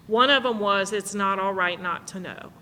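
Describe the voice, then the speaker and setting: Woman, middle-aged, candid self-mocking storyteller, bright tone, echoing conference hall. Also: mid-range voice, normal speed, a little hiss or hum. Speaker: speaker sharing at a recovery meeting. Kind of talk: personal story talk. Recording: live hall recording with long reverb.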